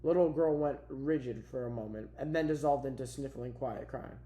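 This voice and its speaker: Man, audiobook narration, steady plain reading, middle pitch, echoey room. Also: moderate pace. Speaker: audiobook reader. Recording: roomy echo.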